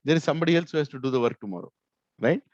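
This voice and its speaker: A man's voice: fairly high pitch, very fast, a little mellow, no echo, dull audio. A male corporate trainer teaching an online session, often checking in with "right?" and stressing words to make his points. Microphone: video call.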